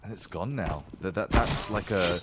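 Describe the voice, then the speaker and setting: A man's voice: sits low, normal speed, heavy background noise. A man with a Canadian accent casting a live esports match, joking and bantering with his co-caster. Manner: jokey, playful banter. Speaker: esports commentator. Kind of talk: live play-by-play and colour commentary.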